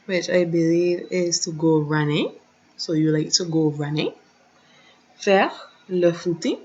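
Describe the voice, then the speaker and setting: Woman teacher, lowish voice, unhurried and careful, repeats words for practice; dull desk-mic recording. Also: darkish tone. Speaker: French teacher. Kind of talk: recorded online lesson.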